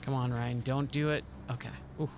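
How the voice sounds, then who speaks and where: A man's voice: medium pitch, fairly even intonation, normal speed, darkish tone, slight background noise. Exasperated male streamer playing a game. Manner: exasperated, self-mocking, talks to the game. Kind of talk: live gameplay commentary.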